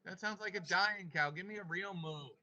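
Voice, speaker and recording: An emphatic man teaches a devotional class over a video call, his voice bright and edgy and a touch higher than most men's. He talks in a playful, coaxing way, urging his students to join in. The audio is muffled and dull. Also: normal speed, slight background noise. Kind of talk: online class devotional and Torah reading.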